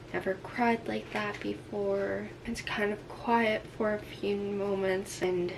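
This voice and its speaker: A woman casually recapping a novel chapter by chapter, acting out the characters' lines with "he's like" and "she's like.". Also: medium pitch. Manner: retells scenes in quotes, "she's like". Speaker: book reviewer. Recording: noisy background hiss.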